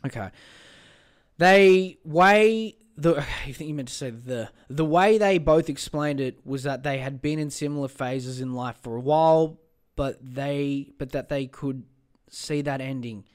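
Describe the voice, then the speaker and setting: The host of a casual solo podcast rambles, curses, talks to himself under his breath and mocks himself as he looks for material. His medium-pitched voice has a darkish tone at a normal speed.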